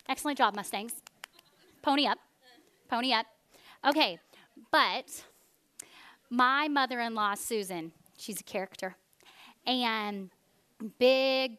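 A woman, preaching a sermon as an animated storyteller who drops to a hush for weighty points. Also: on the high side. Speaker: speaker.

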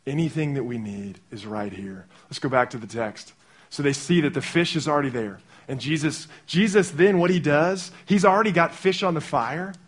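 A young man delivering a sermon as pastor in a conversational, animated way, acting out little quotes as he goes. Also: a little high, moderate pace.

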